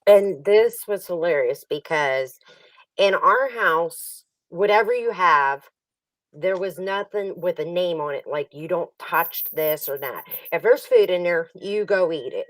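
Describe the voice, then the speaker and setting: A middle-aged woman hosts a casual stream and spins a family story with lots of laughter. Her pitch jumps around as she acts out the scenes. She sits back from the mic in a dry room. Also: lively intonation, a little slow, no room sound, far from the mic, rough recording. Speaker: livestream host.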